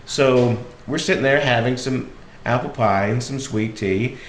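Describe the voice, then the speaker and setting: A man with a Southern US accent telling a personal road story in a relaxed, reflective way with frequent fillers. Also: mid-range voice, a little slow, slight background noise. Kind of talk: casual storytelling monologue. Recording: echoey room.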